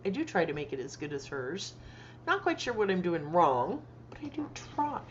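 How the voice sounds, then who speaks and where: A woman's voice: fairly low pitch, sing-song, moderate pace, a little hiss or hum. Chatty woman hosting a lo-fi livestream. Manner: chatty, greets viewers by name, laughs often. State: tired after a long day. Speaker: livestream host and author. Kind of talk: casual livestream chat. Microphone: desktop microphone. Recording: dull lo-fi livestream audio.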